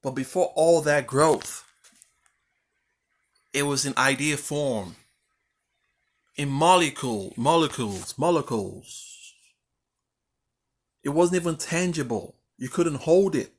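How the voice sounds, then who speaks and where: A man giving a casual motivational monologue for his vlog, rambling and repeating phrases for emphasis, with the odd swear word. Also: a little high. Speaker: vlogger.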